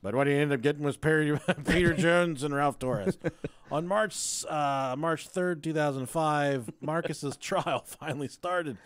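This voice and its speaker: A man's voice: a little high, measured pace, clean tone, no echo. A man co-hosting a podcast, telling a true-crime story in a casual, profane way and laughing along. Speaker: podcast co-host.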